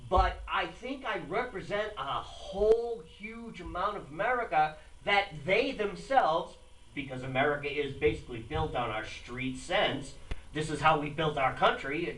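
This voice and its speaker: A man hosting a political talk radio show, speaking in a streetwise, animated way and acting out mocking voices. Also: on the high side, a little slow, echoey room, recorded from a distance, a little hiss or hum, poor audio.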